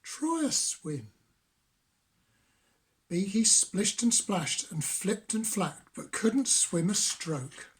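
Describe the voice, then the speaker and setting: An older man reading a children's picture book aloud as a grandfather, gentle and unhurried. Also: high-pitched, slightly rough. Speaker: grandfather storyteller.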